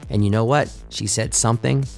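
A man's voice: mid-range voice, steady tone, brisk, vocal fry, over loud music. A man hosting a sports podcast, delivering passionate, argumentative commentary.

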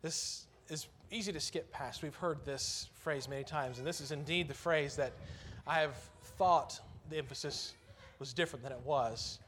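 Male pastor, earnest conversational sermon, higher register, slight room hum. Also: moderate pace, hardly any pauses, a bit bright. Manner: earnest, conversational preaching with emphatic rises. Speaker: preacher. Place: church.

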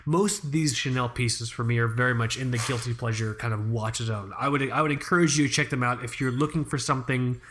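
A young man co-hosting a podcast, animated and joking, with lots of swearing in casual chat. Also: medium pitch, fast talker, few pauses, slight background noise. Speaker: podcast co-host. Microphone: studio microphone.

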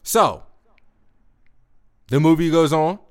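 A young adult man hosting a podcast, telling a profane, slangy story in a casual, animated monologue. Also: a little high, slow. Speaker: podcast host.

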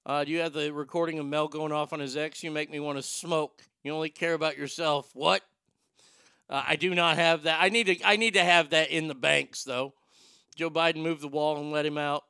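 A man's voice: a little high, fairly even intonation, fairly quick, bright, forceful tone, smooth, no room sound, clean studio sound. Irreverent joking male host. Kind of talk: casual comedic banter.

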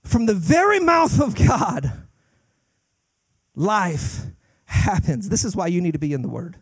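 Young guy preaching, kinda high voice, goes fast then really slow and stretched out, dead dry mic. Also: big pitch swings, husky, dry recording. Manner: emphatic, swings from fast bursts to slow drawn-out lines; repeats words when starting sentences. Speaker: guest pastor. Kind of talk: sermon.

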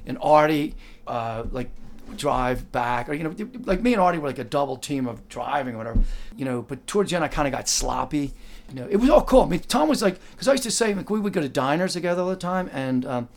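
A man's voice: fairly high pitch, animated, quick pace. Rambling older man telling a story. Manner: rambling, full of "like" and "you know", acts out quoted voices. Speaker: storyteller recalling working as a driver. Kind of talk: casual anecdote.

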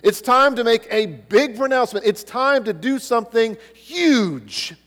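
A man's voice: very high voice, animated, a little slow, a bit bright, long reverb tail. A man preaching a sermon, earnest, who keeps asking the listeners rhetorical questions. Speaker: pastor.

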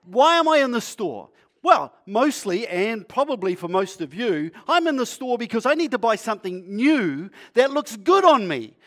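A male pastor preaching in a conversational, playful way, asking the congregation questions and sometimes dropping to a quiet, earnest tone. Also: sing-song, normal speed. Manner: acts out a shopkeeper's sales pitch. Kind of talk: sermon.

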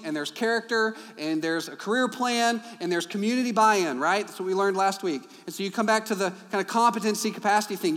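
A man preaching a sermon, telling stories and acting out dialogue in a hushed low voice. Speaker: pastor. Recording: long reverb from a large hall.

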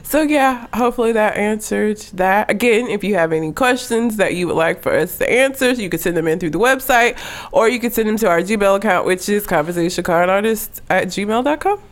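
A woman's voice: mid-range voice, expressive, fairly quick. A woman co-hosting a podcast in casual chat, blunt and profane, laughing often. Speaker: podcast co-host.

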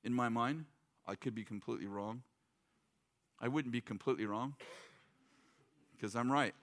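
A man's voice: mid-range voice, moderate pace, fairly bright tone. A middle-aged man preaching a sermon in a loose, joking, conversational way, acting out quotes. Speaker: pastor.

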